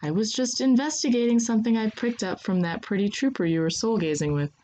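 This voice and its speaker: A prim, fussy woman fighter who turns up her nose at killing, put on by a woman narrator. The voice sits higher than the narrator's own and sounds huffy. She speaks with exasperated impatience. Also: brisk, mellow, close to an everyday voice. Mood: mild. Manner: huffy and fussy, then mild.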